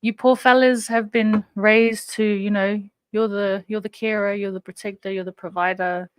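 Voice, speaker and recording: A woman co-hosting a casual podcast, emotional and quick to laugh as she reads quotes aloud. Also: mid-range voice, little pitch movement, smooth, no echo. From Samoan family. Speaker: podcast co-host.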